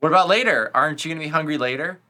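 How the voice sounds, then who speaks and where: A man's voice: on the high side, very fast, pushed and bright. A man playing a character in a tabletop game, haggling in a hesitant, wheedling way. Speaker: player. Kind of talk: in-character roleplay.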